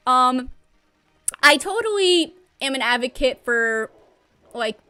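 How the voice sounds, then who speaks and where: A woman's voice: sits high, animated, slow, pushed and bright, clear, resonant tone. A young adult woman chatting casually and bubbly while livestreaming a game from home, laughing often.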